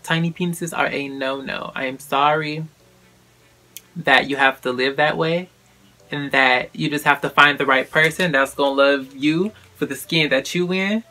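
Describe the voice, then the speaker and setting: A young man talking casually to camera, sassy and animated, calling the viewer sis and girl. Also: a little high, moderate pace. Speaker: vlogger.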